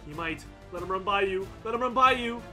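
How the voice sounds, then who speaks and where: A man giving casual commentary over his football video game, excitable, swinging from low muttering to yelling at the game. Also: brisk, over music. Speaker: gameplay commentator.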